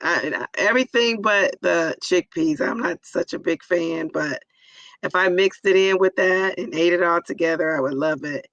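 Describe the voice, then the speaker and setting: Hoarse chatty woman in her forties. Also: on the low side, moderate pace, a bit bright, no room sound, highs cut off. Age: 40s. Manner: chatty, greets viewers by name. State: hoarse, raspy from a cold. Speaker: live stream host. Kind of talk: casual live-stream chat.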